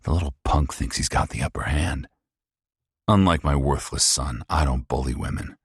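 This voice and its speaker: A middle-aged man narrating an audiobook in the first person, grim and measured. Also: a bass voice, vocal fry, slightly rough, dry recording, studio quality.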